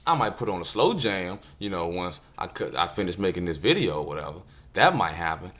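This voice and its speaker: A man talking straight to camera in a comic monologue. His voice sits fairly low but rises and falls constantly as he tells the story. Punchlines land with a flat, deadpan delivery. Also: fairly quick. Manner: animated, jokey storytelling with deadpan asides. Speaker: comedian vlogger. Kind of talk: comedic vlog monologue.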